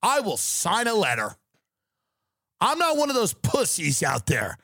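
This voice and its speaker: Man ranting sarcastically, lively high voice. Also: a little slow, vocal fry, no room sound, clean studio sound. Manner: sarcastic, swearing, riffing. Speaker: comedian. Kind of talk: comedic rant.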